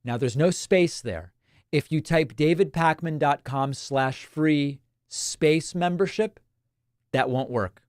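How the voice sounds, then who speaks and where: A man's voice: fairly high pitch, takes it slowly, no echo, studio quality. A male host from Argentina, chatting wryly on a livestream and reading out viewer messages. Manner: wry, chatty, animated asides.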